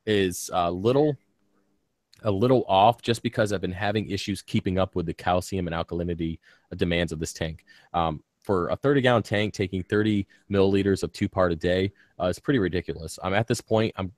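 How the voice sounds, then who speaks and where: A very low-voiced man chats loosely on a live stream, piling on ums and uhs and dropping casual swear words. A bitten tongue gives him a slight lisp. The sound is close and dry, with no room echo. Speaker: reef aquarium channel host.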